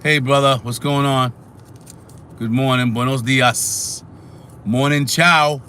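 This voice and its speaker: A man hosting a casual live stream, animated and talking back to his chat. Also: medium pitch, slow, a little hiss or hum. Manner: animated, talks back to chat, sings snatches.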